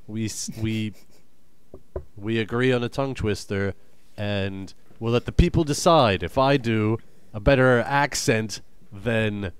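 A young man cohosting a comedy podcast with a smooth, resonant voice that swings up and down lively. He trades crude, teasing jabs in casual banter, recorded dry and close to the mic. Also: mid-range voice, no room sound. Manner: teasing and crude, trash-talking. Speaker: podcast co-host.

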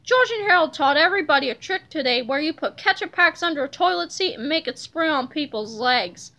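A man's voice: very high-pitched, expressive, brisk, pushed and bright, heavily acted. A woman voicing a whiny, smug tattletale schoolboy. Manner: wailing, smug.

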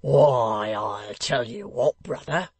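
A man voicing a shabby, wheedling hangman, drawn out and loud. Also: medium pitch, expressive, creaky, breathy edge, no room sound, exaggerated voice. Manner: ingratiating, conciliatory, louder and slower.

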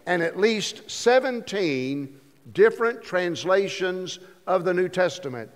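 A man preaching as pastor, slowing down to stress the scripture he quotes. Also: high-pitched, expressive. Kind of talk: sermon. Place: church sanctuary. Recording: long reverb of a church hall.

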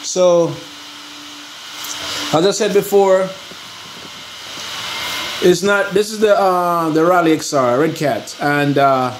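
Speaking slowly with long pauses, a man with a high, fairly even voice hosts a casual RC hobby vlog. He rambles, sounds exasperated, and appeals to viewers for help over a noisy ambient background.

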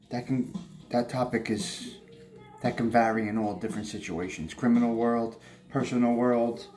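A man's voice: medium pitch, darkish tone. A man hosting a casual morning coffee vlog, chatty and rambling with fillers. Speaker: host of a morning coffee show.

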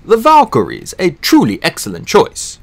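A man's voice: sits high, huge pitch swings, moderate pace, creaky, voice pushed up, full character voice. A man voicing a rude, commanding immortal English magician in an audiobook, speaking in a snapping, authoritative way. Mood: imperious.

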